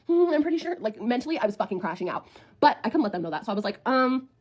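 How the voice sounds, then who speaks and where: A woman's voice: mid-range voice, animated, rapid-fire. A woman in her twenties telling a storytime to viewers in a casual, blunt way, swearing freely and talking like a friend.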